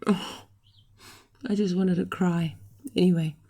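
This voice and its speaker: A middle-aged woman recovering from illness, talking casually to camera, hoarse and short of breath, rambling and apologetic. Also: on the low side, fairly even intonation, slow, dark tone. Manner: rambling, apologetic, frequent ums.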